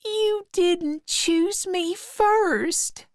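A woman voicing a shy, coy young girl in a storybook reading, with a high, light voice. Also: very animated, drawn-out words, no echo, studio quality, heavily acted. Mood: tearful.

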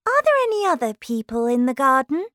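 A woman's voice: high voice, big pitch swings, fairly quick, fairly bright tone, no room sound, clean studio sound, voice pushed up. A woman doing a wide-eyed, curious little girl. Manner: eager, wide-eyed and polite. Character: curious, polite young girl. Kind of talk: storybook reading.

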